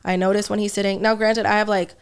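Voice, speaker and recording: Brief: woman comedian guest, smooth clear voice, lively and profane storyteller. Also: mid-range voice, fast talker. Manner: lively storyteller, curses freely. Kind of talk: casual podcast storytelling.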